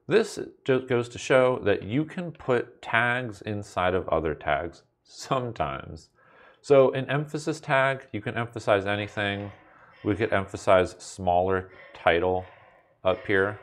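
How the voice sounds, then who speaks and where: Wry, playful male coding teacher. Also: fairly low pitch. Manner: playful, wry, talks to the viewer with jokey asides. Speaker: instructor. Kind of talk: screencast coding lesson.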